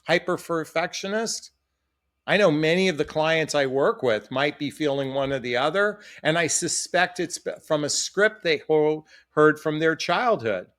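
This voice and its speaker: A man's voice: fairly high pitch, a bit bright. A middle-aged man, a dating coach, talking earnestly and reflectively to camera, repeating phrases for emphasis. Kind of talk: direct-to-camera advice talk.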